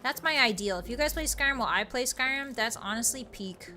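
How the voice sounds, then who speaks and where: A woman streaming a game, chatting casually with a bright, ringing voice that sits a little high. She is excitable and quick to exclaim. Soft game music hums underneath. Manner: excitable, quick to exclaim, playful pirate talk. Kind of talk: casual gameplay commentary.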